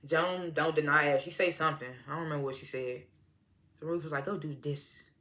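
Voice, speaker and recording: A man's voice: a little high, fairly even intonation, fast talker, bright, forceful tone. A man giving a casual, profane, slangy review of a TV episode, laughing often as he recounts the scenes.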